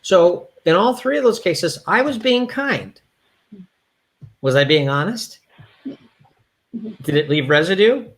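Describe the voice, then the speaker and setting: A man's voice: high-pitched, lively intonation, slow pace, long pauses, fairly bright tone. A man, a yoga therapist, chatting candidly as an interview guest with many restarts. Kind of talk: casual conversational interview.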